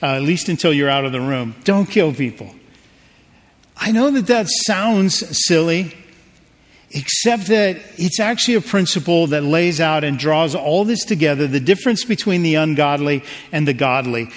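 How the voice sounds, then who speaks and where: A man's voice: a little high, expressive, normal speed. A man preaching a sermon to a congregation in a conversational, joking way, calling on the audience to repeat after him. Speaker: pastor. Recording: hall reverb.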